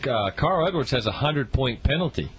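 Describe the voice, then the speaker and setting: A male radio host chatting about racing, loose and unscripted. His pitch sits in the middle and he keeps circling back to rephrase himself. The talk is casual and rambling. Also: expressive, brisk. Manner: rambling, with many restarts.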